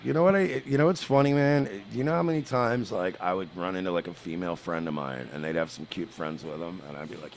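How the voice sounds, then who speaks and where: A man's voice: on the low side, lively intonation, fast, hardly any pauses. A man from the United States telling crude, boastful stories in casual chat, with frequent restarts.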